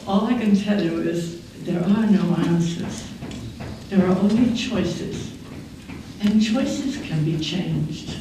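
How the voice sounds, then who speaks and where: A woman in her eighties giving a reflective keynote speech in a measured, aphoristic way, in a large conference hall. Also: on the low side, mellow. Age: 80s. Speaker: keynote speaker. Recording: echoey hall, distant mic, faint noise.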